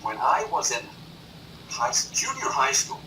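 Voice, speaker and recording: A man from North Carolina, a boastful and animated talk show guest in a TV studio. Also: mid-range voice, recorded from a distance. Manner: boastful, animated, does quick impressions. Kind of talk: boastful chat. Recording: echoey room, off-mic, noisy.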